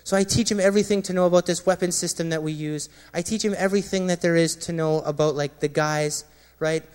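A man's voice: fairly even intonation, fast talker, clear, resonant tone. Earnest man telling his story in a hall. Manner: earnest storytelling, often dropping quiet and low at painful moments. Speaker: former Marine sharing a testimony. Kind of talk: personal testimony to a gathering. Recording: long reverb of a large hall.

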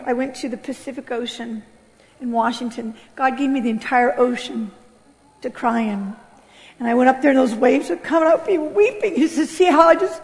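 A middle-aged woman giving an animated spoken testimony in a church, acting out the voices in her story. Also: high-pitched. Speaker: testimony speaker. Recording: long hall reverb.

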